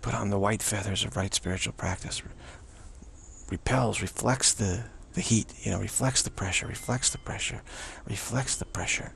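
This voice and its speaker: A man's voice: fairly low pitch, moderate pace, creaky, a bit bright, a little hiss or hum. A man giving an unscripted spiritual teaching outdoors, rambling and repetitive, often restarting his sentences.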